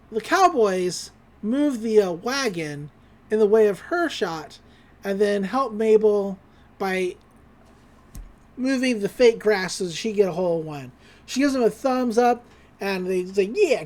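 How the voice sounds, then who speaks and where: A podcast co-host recapping a cartoon episode in casual chat, bouncing into quick character voices as the scenes are retold. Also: mid-range voice, lively intonation, a little mellow.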